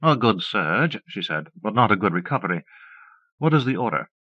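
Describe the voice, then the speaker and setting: A man's voice: on the low side, very animated, moderate pace, dry recording. A man reading the part of a cold, cruel woman in charge of a lab, snarling and decisive, from a dull, dry cassette audiobook.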